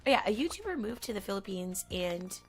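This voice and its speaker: A chatty woman talks loosely while she plays a game at home, drifting off her story to react to the game. Her voice carries a gravelly fry. Soft game music plays quietly underneath. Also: mid-range voice, sing-song, a little fast. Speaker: gaming streamer. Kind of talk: casual chat while playing a game. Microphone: headphones on.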